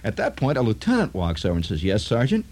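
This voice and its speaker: A man telling a long personal story in a rambling, halting way, full of asides and restarts. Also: on the low side, wildly swooping pitch, darkish tone, a little hiss or hum. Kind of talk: spoken storytelling monologue.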